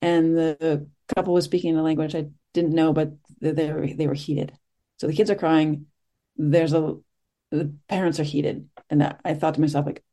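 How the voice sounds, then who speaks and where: A middle-aged woman meditation teacher, giving a reflective dharma talk with frequent pauses and restarts. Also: deep voice, fairly even intonation. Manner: soft-spoken, reflective, with frequent fillers and restarts.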